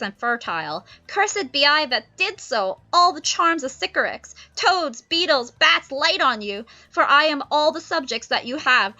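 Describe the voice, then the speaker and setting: Woman reading a bitter cursing male slave, high heated verse, bright tone, dull lo-fi stream, faint music. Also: full character voice. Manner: raised, heated recitation of verse.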